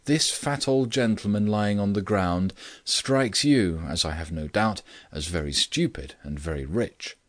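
A man voicing an exultant gentleman who speaks in a grand, chanting way with slow emphasis. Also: lowish voice, no room sound, lightly acted.

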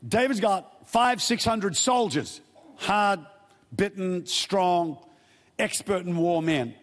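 A man's voice: sits high, lively intonation, takes it slowly, fairly bright tone, long reverb tail. A man preaching a sermon, retelling a scripture story in casual, everyday words.

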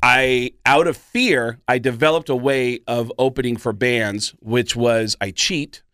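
Comedian guest, animated storyteller, mid pitch, dry studio mic. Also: male voice, measured pace, clean tone, dry recording. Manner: animated storyteller who slips into impressions. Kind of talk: casual storytelling chat.

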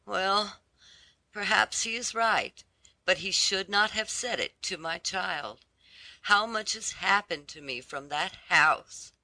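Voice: medium pitch, slow, pushed and bright, no room sound, voice pushed up, exaggerated voice. A reader voicing a poor, exhausted washerwoman who speaks in trembling, pleading tones in a storybook reading. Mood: hurt. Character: worn-out poor washerwoman, grieving mother.

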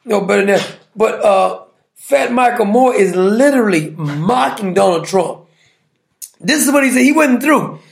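A man's voice: high voice, expressive, normal speed, creaky, reverberant. A man hosting a talk show, giving brash, mocking political commentary with lots of repetition.

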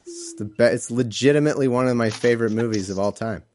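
A man's voice: mid-range voice, fast talker, a little mellow, slight background noise. A man hosting his own podcast, chatting casually with listeners, laughing often and swearing freely in a self-mocking way. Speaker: podcast host.

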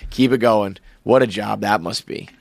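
A man's voice: fairly low pitch, moderate pace, gravelly, no echo. A man, young adult, hosting a casual chat and telling a rambling, swearing story. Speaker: podcast host.

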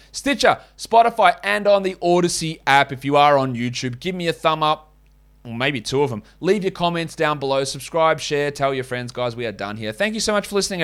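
A man's voice: a little high, a bit bright, clear, resonant tone. A man with an Australian accent hosting a podcast, giving casual, blunt and opinionated sports analysis and swearing now and then. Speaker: podcast host.

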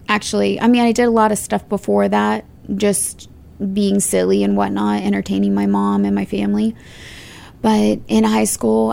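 Woman, actress interviewed, very gravelly fry, dark mellow tone, expressive and chatty. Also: medium pitch. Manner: chatty and expressive, laughs easily. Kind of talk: casual interview conversation.

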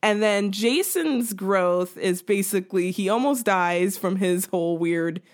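A woman's voice: medium pitch, a little slow. Woman rambling about a tv episode, loads of likes and ums, laughs as she goes. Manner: chatty, many fillers, laughs while talking. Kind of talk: casual chat recapping a TV episode.

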